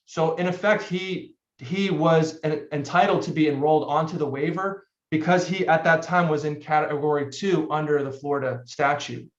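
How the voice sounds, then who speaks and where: A man's voice: on the high side, steady tone, moderate pace, few pauses. A man arguing for the appellant in court, hesitant and filler-heavy, often restarting his sentences. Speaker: attorney for the appellant. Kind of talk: courtroom oral argument. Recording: echoey, muffled courtroom audio.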